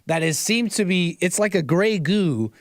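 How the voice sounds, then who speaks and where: A man's voice: sits high, animated, a little slow, dry recording, studio quality. A man hosting casual online commentary, mocking and rambling, repeating himself and chuckling often.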